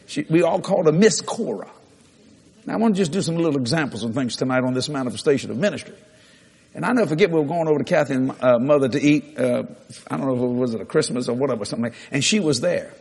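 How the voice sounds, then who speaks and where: A middle-aged man, preaching a sermon through lively, laughing anecdotes with sudden jumps in pitch. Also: creaky, slightly rough. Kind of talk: storytelling sermon.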